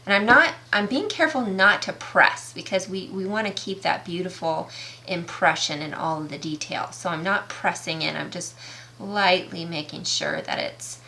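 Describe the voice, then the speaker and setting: A woman's voice: lowish voice, creaky, bright, forceful tone, slight background noise. A woman demonstrating a craft project in a casual tutorial, chatty and enthusiastic, talking through each step. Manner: chatty, enthusiastic, slow and careful explaining.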